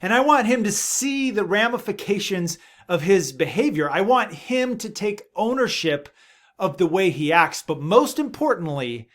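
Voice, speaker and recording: Man, thirties, parenting host; earnest and emphatic, a touch higher voice, low asides. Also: very animated, moderate pace, fairly bright tone. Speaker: parenting video host, father of seven. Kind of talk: direct-to-camera advice talk.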